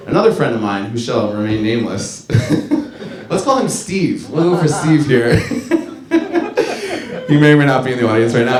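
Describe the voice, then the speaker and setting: A man in his thirties doing a stand-up comedy set on a club stage, talking in a loose, rambling, profane way and shouting his punchlines. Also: mid-range voice. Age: 30s. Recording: roomy club with crowd laughter. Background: laughing audience.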